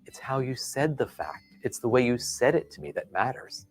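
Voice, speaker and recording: Guy doing a hurt woman in an argument, quiet, low-key delivery. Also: very animated, normal speed, soft background music, close to an everyday voice, rough recording. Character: frustrated woman arguing with her partner.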